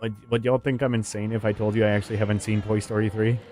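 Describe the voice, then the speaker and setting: A man's voice: on the low side, flat delivery, quick pace, darkish tone, a little hiss or hum. A man streaming a horror game, chatting casually with viewers, swearing and laughing often and jumping into silly voices. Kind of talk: casual gaming stream chat.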